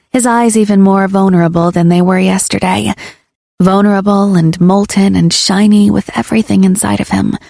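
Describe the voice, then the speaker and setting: A woman reading a first-person audiobook in an expressive, lively way. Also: medium pitch, gravelly, dry recording, clean studio sound. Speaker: audiobook narrator.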